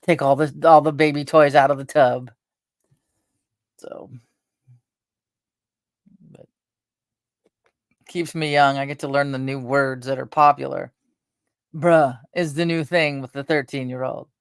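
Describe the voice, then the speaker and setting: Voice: mid-range voice, fairly even intonation, a little slow, long pauses, smooth, no echo, clean studio sound. A middle-aged vlogger chatting casually about family, meandering with lots of fillers and restarts. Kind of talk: casual rambling chat.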